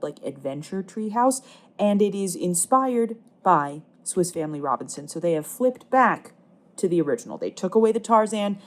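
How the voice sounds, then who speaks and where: Woman vlogger, lowish voice, casual sarcastic movie recap. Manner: sarcastic, jokey storytelling.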